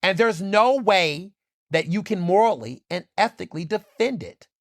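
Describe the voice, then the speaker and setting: A man's voice: high voice, lively intonation, normal speed, no room sound. Fired-up male podcast host, dry sound. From Philadelphia. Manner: fired-up, emphatic, repeats phrases, swears, many "like" fillers. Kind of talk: impassioned solo commentary.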